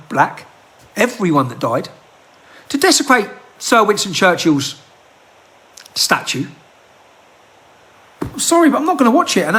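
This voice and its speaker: High-pitched, heated Englishman ranting. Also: bright, forceful tone. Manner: heated, ranting, rhetorical questions. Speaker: political commentator. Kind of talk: impassioned monologue to camera. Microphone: handheld phone.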